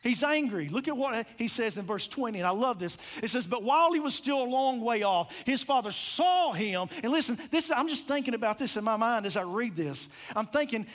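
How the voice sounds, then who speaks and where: A man with a strikingly high voice preaching a sermon. He builds the parable with dramatic pauses and rhetorical questions, acting out its scenes as he tells them. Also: expressive, fairly bright tone. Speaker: pastor.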